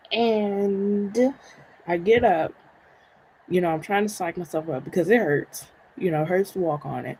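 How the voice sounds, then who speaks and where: A woman's voice: fairly low pitch, normal speed, mellow, slight background noise, poor audio. A woman hosting a live stream, chatting casually through a personal story, laughing often and checking in with "right?" and "okay?".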